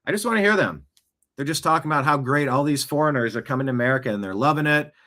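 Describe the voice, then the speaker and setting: A man's voice: fairly high pitch, fast talker, pushed and bright. Male host, casual rambling political commentary, talks off the cuff with asides. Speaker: show host. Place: home studio, seated.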